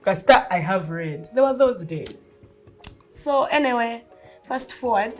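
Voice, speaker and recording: A woman in her thirties with a Ugandan accent, telling a personal story in a casual, animated way, often laughing and acting out dialogue. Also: fairly high pitch, a little slow, soft background music. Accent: Ugandan English.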